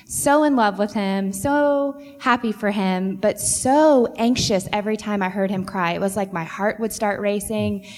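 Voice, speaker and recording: A woman's voice: medium pitch, unhurried, hardly any pauses, a little mellow. Woman, counselor, earnest and reflective storyteller, reverberant hall. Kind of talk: sharing a personal story in a church panel.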